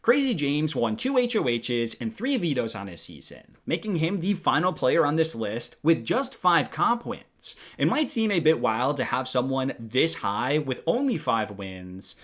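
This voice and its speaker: A young man hosting a video, reading a scripted countdown commentary in a lively, animated way. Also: medium pitch, unhurried, hardly any pauses. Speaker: video host.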